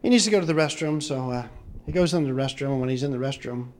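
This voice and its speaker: Animated man telling bawdy jokes. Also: medium pitch, fast. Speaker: comedian.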